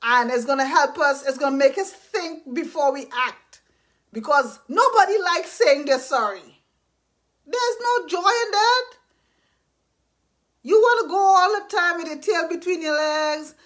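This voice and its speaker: A woman's voice: very high voice, animated, a little slow, a bit bright. A woman giving earnest, faith-based life advice in a casual talk, repeating herself and acting out apologies. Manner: earnest and repetitive, acts out apologies.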